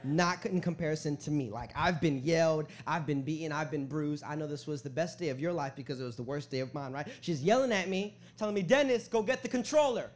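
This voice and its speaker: A man's voice: on the high side, fairly quick, hardly any pauses. A young man preaching a sermon in a church, joking with the crowd and telling stories in casual slang. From Hispanic family in the US. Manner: hype-man calls to the crowd, jokey; conversational, slangy storytelling. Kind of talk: sermon with prayer and storytelling. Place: church sanctuary.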